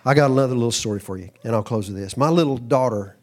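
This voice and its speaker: A middle-aged man from Texas preaches with energy, his voice rising and dropping as he tells stories. He jumps into quick asides and acts out the voices of people in his stories. His voice sits at an ordinary pitch for a man. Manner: animated, acts out quoted voices, breaks into asides. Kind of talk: sermon.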